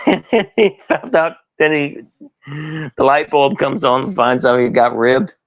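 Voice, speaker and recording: A man guest telling stories in an interview, animated and laughing often. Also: fairly high pitch, takes it slowly, no room sound, lo-fi sound. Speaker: guest, former wrestler. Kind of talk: storytelling interview.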